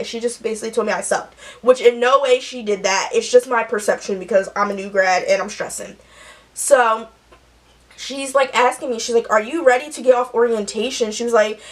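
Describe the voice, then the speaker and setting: A young woman, chatting through a story while doing her makeup, acting out the people she quotes. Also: a little high. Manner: chatty, animated, acts out quotes. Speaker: nurse vlogger.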